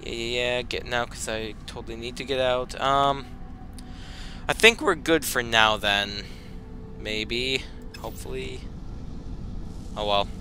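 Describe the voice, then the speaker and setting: A man giving casual let's play commentary, breaking into excited outbursts and complaints, then muttering to himself while sorting gear. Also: medium pitch, measured pace, long pauses, background noise. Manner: self-talk, mutters and trails off while managing inventory. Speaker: gaming commentator. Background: game music.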